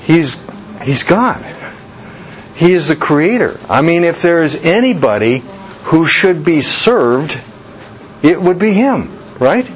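Slow, deliberate man preaching a sermon. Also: sing-song, dull audio, a little hiss or hum. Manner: slow deliberate preaching, voice leaps high for quoted reactions. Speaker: pastor.

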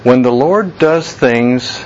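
A man preaching a sermon slowly and deliberately, jumping to a much higher pitch when he voices people's reactions. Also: darkish tone, muffled recording, slight background noise. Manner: slow deliberate preaching, voice leaps high for quoted reactions. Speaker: pastor.

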